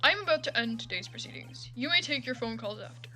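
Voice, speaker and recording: A woman putting on a lowered, formal voice for a stern, elderly male judge in a game. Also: animated, fast talker, sharp tone, faint music behind.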